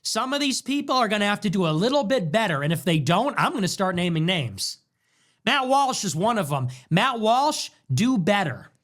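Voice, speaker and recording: A male livestream host in full rant, voice pitched high and swinging widely as he hammers his points with repeated phrases. His voice sounds strained and worn from hours of talking live. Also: very animated, normal speed, a bit bright. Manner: ranting, emphatic repetition. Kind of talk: heated livestream monologue.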